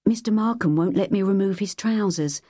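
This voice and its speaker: A woman reading an audiobook, voicing a flustered young nurse with a husky voice. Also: medium pitch, normal speed, mellow, no room sound, clean studio sound, pitched above the performer's own voice, lightly acted. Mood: pleading. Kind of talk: audiobook character voice.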